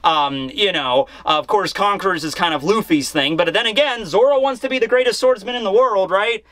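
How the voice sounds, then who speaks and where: A man giving a chatty, excitable casual commentary on a manga chapter and acting out scenes in voices. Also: high-pitched, moderate pace, no room sound. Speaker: YouTuber reviewing manga chapters.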